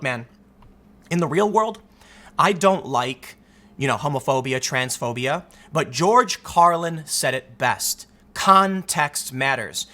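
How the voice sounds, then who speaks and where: A young man giving a casual, emphatic commentary monologue, often repeating words as he gets excited. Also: a little high. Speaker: political commentary host.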